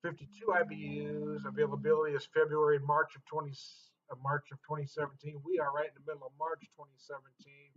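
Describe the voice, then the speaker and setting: A man's voice: a little high, flat delivery, fast talker, hardly any pauses, slight background noise. A middle-aged man hosting a casual beer review vlog, jokey and rambling, laughing often at himself. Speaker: beer reviewer and channel host. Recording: dull lo-fi sound.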